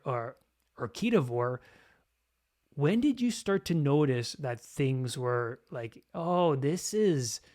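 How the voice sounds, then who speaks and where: A podcast host asking a long, halting question in a casual interview. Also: mid-range voice.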